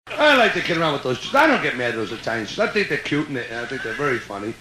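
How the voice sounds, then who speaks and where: A man's voice: mid-range voice, sing-song, quick pace. A middle-aged man with a Brooklyn accent, telling jokes in a brash, streetwise way as a live stand-up comedian. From Brooklyn, New York. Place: hotel nightclub stage. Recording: echoey live club recording with loud room noise.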